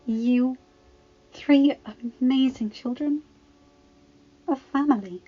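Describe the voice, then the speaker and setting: A woman's voice: high voice, takes it slowly, slightly rough, lo-fi sound, pitched above the performer's own voice, exaggerated voice. A woman voicing an emotional young empress and new mother who speaks tenderly to her husband. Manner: tender, heartfelt, a little raised.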